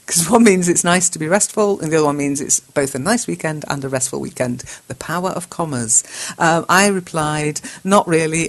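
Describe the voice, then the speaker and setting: An English woman hosting an English lesson, reading out learners' chat messages, correcting them and spelling words out patiently. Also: sits low. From England. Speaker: English teacher and show host.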